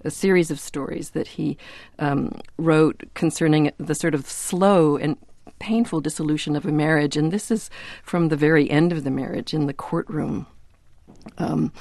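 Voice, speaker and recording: Woman novelist on a radio panel, a bit gravelly, dry close sound, thinks out loud then reads a passage. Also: low voice, steady tone, moderate pace, no room sound. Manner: thoughtful, with small laughs and restarts. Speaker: novelist guest. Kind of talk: radio panel discussion and reading aloud.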